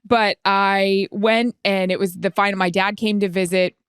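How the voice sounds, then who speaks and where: Woman podcast cohost in her 30s, smooth clear voice, dry close sound, chatty storyteller. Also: mid-range voice, moderate pace, no echo. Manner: animated storyteller, acts out quoted voices. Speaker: podcast co-host. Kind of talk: casual chat. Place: remote, at home.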